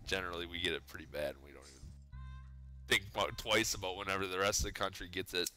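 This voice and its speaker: A man's voice: low voice, steady tone, quick pace, bright, forceful tone, soft background music. A man with a Minnesotan accent chatting casually while crafting rings in his garage workshop, laid-back and swearing often. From Minnesota, Twin Cities. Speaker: livestreamer making pipe rings.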